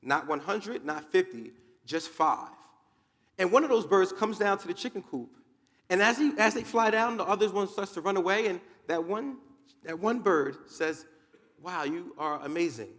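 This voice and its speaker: A man from New Jersey delivers a motivational keynote with dramatic storytelling and emphatic repetition. His voice sits slightly high for a man. The sound carries with a long reverb from a large conference hall. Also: expressive, moderate pace, a bit bright. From Newark, New Jersey, USA. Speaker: motivational speaker.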